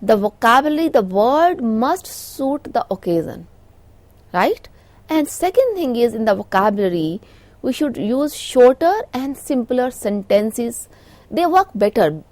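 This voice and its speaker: Indian woman lecturing, fairly high voice. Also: big pitch swings, a little slow, darkish tone, no room sound. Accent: Indian English. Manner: explanatory, frequent "you know" fillers. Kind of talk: recorded lecture.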